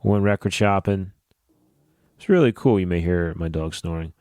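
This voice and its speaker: A man hosting his own podcast, talking casually in a rambling, profane, animated way. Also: sits low, moderate pace, smooth, no room sound, clean studio sound. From New Jersey or New York area. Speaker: podcast host. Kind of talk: casual solo podcast monologue.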